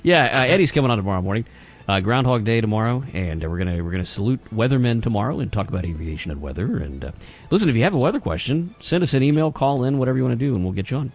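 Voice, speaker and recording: A man co-hosting a casual radio talk show, quick and jokey. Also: mid-range voice, very animated. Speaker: radio co-host.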